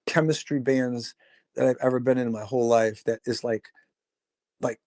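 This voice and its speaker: A casual, rambling man from Chicago trades road stories as a podcast guest. He swears freely and slips into quick impressions of the people he quotes. His voice sits at an ordinary pitch and sounds close and dry, with no room around it. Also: darkish tone, no echo. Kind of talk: casual storytelling interview.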